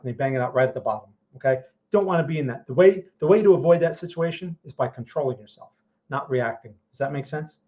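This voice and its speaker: A man's voice: a little high, fast, mellow, highs cut off. Casual, rambling male stream host. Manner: casual, rambling, repeats words, asks "okay?" and "right?". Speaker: trading channel host. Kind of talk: live-stream market commentary and viewer Q&A.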